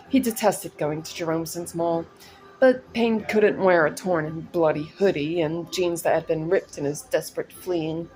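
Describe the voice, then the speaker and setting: A woman reading her own story aloud in a casual, chatty way, breaking off into personal asides and laughing at her stumbles. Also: lowish voice.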